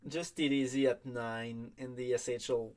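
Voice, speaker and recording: Guy running a draft stream, lots of ums, average pitch. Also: steady tone, normal speed, a little mellow. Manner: hesitant, many fillers. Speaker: draft show host. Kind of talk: casual draft commentary.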